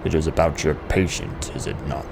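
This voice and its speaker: A man voicing a grave, secretive doctor in a mixed, partly German accent, formal and measured. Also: a bass voice, vocal fry, noisy background. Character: grave older male doctor, secretive and worried. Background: game music.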